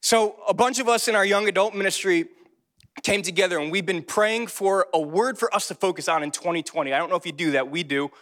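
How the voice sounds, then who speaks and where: Young male ministry leader, high voice, chatty sermon style that turns emphatic on scripture. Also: a little fast, fairly bright tone. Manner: casual and conversational, rising in pitch when preaching.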